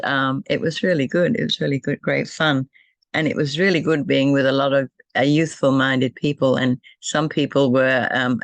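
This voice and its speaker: An older woman, an energy healer, gently talking through a self-healing demonstration and softly repeating affirmations and thank-yous. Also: very deep voice, gravelly, no echo.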